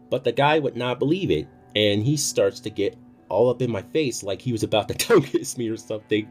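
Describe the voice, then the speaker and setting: A man's voice: mid-range voice, animated, a little fast, darkish tone. A man telling a personal story in a casual, chatty way, swearing freely. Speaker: storytime youtuber. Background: faint music.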